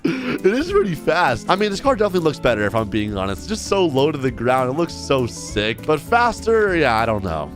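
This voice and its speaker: A young man hosting a role-play gaming video, talking through the action in an animated, exclaiming, slangy way. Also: fairly high pitch. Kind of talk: excitable role-play gameplay commentary.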